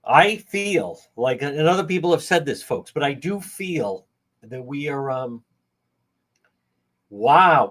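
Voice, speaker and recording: A man's voice: fairly high pitch, big pitch swings, slow, fairly bright tone. A man hosting a livestream, talking heatedly and indignantly to his viewers and greeting them by name. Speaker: livestream host.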